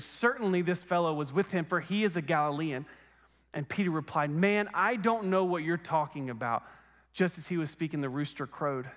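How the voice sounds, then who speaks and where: A young male preacher delivers a sermon from a church stage. His voice sits a little high, and he tells the story in an easy, chatty way, slipping into the voices of the people in it. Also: fairly bright tone, long reverb tail. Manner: conversational storytelling, acts out quoted voices. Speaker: guest preacher. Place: church sanctuary.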